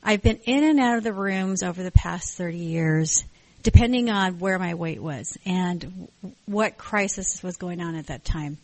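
A middle-aged woman gives a thoughtful personal testimony at a support group meeting, pausing and restarting as she searches for words. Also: on the low side, a little mellow, low-quality recording. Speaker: support group member sharing.

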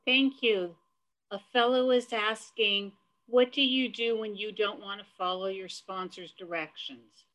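A woman's voice: mid-range voice, fairly even intonation, unhurried, fairly bright tone. A woman moderating a meeting, politely and briefly thanking the speaker and reading out audience questions.

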